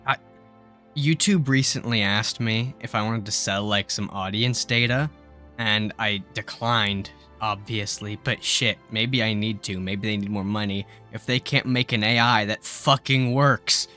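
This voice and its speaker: A young man with a fairly low voice and sharp tone talks a little slowly over faint background music while building a spaceship in a game. He swears freely, grumbles and exclaims at his mistakes, and tells rambling stories full of filler words.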